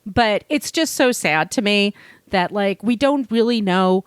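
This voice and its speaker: A woman co-hosting a podcast, telling a true-crime story in casual, animated chat and swearing now and then. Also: medium pitch, a little slow, clean tone, no echo. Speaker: podcast co-host.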